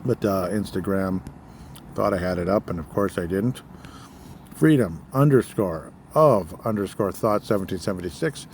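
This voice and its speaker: A man's voice: low-pitched, moderate pace, darkish tone, a little hiss or hum. A man hosting his own political podcast, talking loosely and rambling, with many fillers and small apologies. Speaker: podcast host. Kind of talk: casual political podcast monologue.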